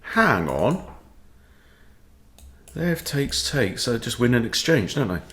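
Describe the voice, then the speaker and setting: A man's voice: medium pitch, lively intonation, moderate pace. A man, a chess coach, commenting on his own game as he plays, thinking aloud and tossing in playful quips.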